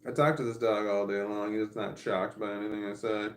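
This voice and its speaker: A man's voice: fairly low pitch, flat delivery, fairly quick, reverberant. A man in his forties chatting casually on a livestream, rambling and candid as he thinks aloud. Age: 40s. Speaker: streamer.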